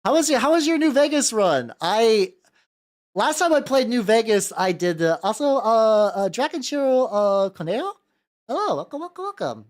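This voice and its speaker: Animated hobby streamer, loose profane chatter, pitch swings widely between greetings. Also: normal speed. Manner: rambling, profane, repeats greetings to chat. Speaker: miniature-painting streamer. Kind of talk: casual livestream chat while painting.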